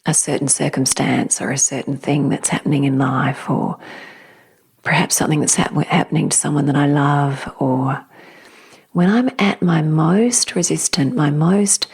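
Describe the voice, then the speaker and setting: A woman hosting a spiritual podcast, speaking softly and slowly in a whispery, reflective way. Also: deep voice, slightly rough. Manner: soft, slow, often whispery and emotional. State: tearful at times. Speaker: podcast host.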